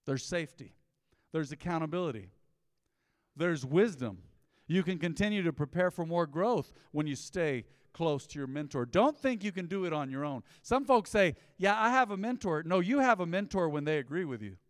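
A man's voice: a little high, lively intonation, moderate pace, clean studio sound. Emphatic preaching man, long hall reverb. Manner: emphatic preaching with rising bursts and quoted asides. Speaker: pastor. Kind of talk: sermon. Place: church sanctuary. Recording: live church sermon with long hall reverb.

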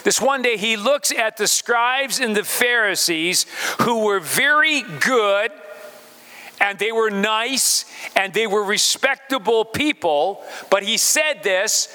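Guy preaching a sermon, high voice, long church reverb, keeps asking the room questions. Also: animated, slow, sharp tone. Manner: speaks straight to the congregation with questions. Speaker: pastor.

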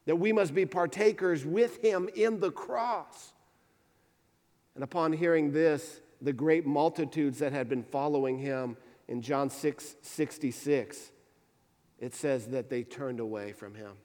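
A man's voice: a little high, slow, a little mellow, long reverb tail. A male pastor preaching a sermon in a church, earnest, often repeating words as he restarts.

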